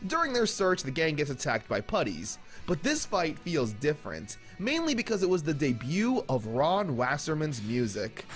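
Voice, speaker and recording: A man's voice: on the high side, huge pitch swings, normal speed, hardly any pauses, fairly bright tone, faint music behind. A man narrating a scripted recap video with wry, playful commentary.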